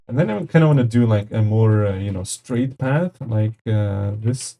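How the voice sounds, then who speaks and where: A man's voice: mid-range voice, normal speed, vocal fry, hardly any pauses, dark tone, faint music behind. A man casually talking through a game editor tutorial in a chatty, upbeat way, with lots of fillers and sound effects said aloud. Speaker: tutorial host.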